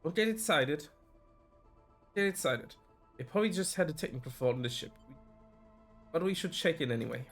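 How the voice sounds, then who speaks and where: A man voicing a calm, practical young colonist woman, raising his voice a little and reading her lines aloud with stumbles. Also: fairly high pitch, moderate pace, pauses often, soft background music. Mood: soothing.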